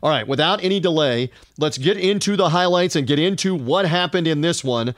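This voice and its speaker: A man's voice: fairly high pitch, lively intonation, no echo, studio quality. Upbeat man hosting a sports podcast. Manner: upbeat, rapid run-on delivery with fillers. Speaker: podcast host.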